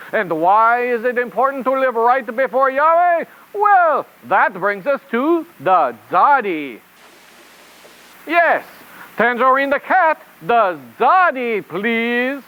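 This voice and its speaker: A man's voice: very high-pitched, bright, forceful tone, heavily acted, poor audio. A man voicing a chirpy male rabbit reporter puppet in a children's puppet show, with a silly put-on French accent.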